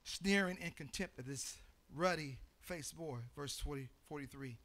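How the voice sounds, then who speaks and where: A man from Chicago preaching a sermon as pastor. He tells a story and then builds into shouted, half-sung preaching. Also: on the high side, measured pace. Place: church sanctuary.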